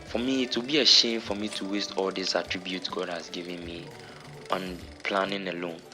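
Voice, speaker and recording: A man's voice: low-pitched, fairly even intonation, moderate pace, bright, forceful tone. A man vlogger giving motivational voice-over narration in an earnest, preaching tone. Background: music.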